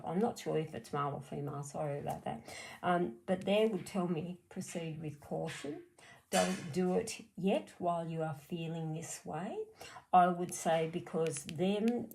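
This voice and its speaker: A woman's voice: low voice, vocal fry, dark tone, a little hiss or hum, rough recording. A middle-aged Australian woman giving a chatty, blunt card reading on a live stream, answering viewers by name. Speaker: card reader.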